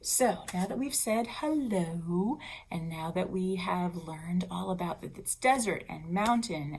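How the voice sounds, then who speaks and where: A woman librarian leading a storytime for young children, talking in an expressive, teacherly way. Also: fairly low pitch, takes it slowly, a little hiss or hum.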